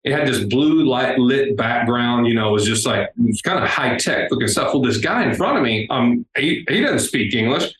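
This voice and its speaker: A man, a guest on an interview, telling a travel story in a casual, animated way. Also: mid-range voice, normal speed, few pauses. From United States. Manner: animated, acts out the people in his story. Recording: roomy with faint background noise.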